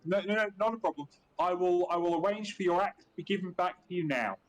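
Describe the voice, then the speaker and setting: A man's voice: high voice, fast, rough recording. An Australian man playing his character in a tabletop game over an online call, polite with stammering restarts. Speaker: player. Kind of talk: tabletop role-play.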